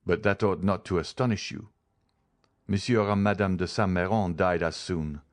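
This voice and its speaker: A man voicing a grave male doctor in a storybook, speaking in a measured, solemn way. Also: sits low, steady tone, lightly acted.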